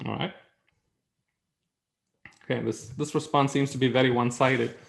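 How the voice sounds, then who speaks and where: A man's voice: medium pitch, steady tone, moderate pace, creaky. A man presenting a webinar in a conversational way, with fillers and rhetorical questions.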